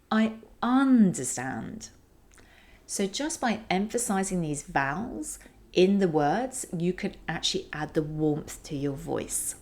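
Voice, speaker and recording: A woman hosting a podcast, giving an instructional talk and demonstrating vocal techniques with expressive delivery. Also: on the low side. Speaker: podcast host.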